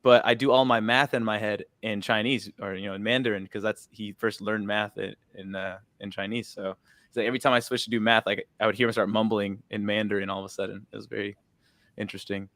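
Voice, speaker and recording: A young man with a Texan accent, a band member chatting casually in an interview, laid-back and quick to laugh. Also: lowish voice, little pitch movement, fairly bright tone, dry recording.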